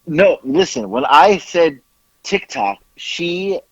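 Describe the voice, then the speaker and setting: Male podcast host, storytelling, fairly high pitch, very dry and dull recording. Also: takes it slowly, slightly rough, no echo. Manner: animated, swearing, acting out both sides of a phone call.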